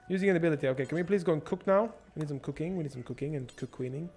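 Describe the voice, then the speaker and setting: A young man streaming a strategy game, swearing and thinking out loud as he plans and shops. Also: a little high, lively intonation, quick pace, faint music behind. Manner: profane, rambling, thinks out loud. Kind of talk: casual gameplay livestream commentary.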